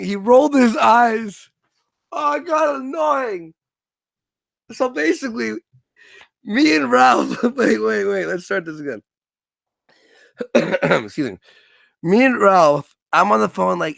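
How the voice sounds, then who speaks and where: A man's voice: very high voice, takes it slowly, vocal fry, pauses often, no room sound. A man talking on a stream, swearing freely and acting out little scenes with different voices. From Canada. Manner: animated, profane, acts out scenes in funny voices. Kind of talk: casual stream commentary.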